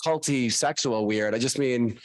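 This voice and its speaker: A man, a guest author, telling animated, self-mocking stories casually to a class. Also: medium pitch, a little slow.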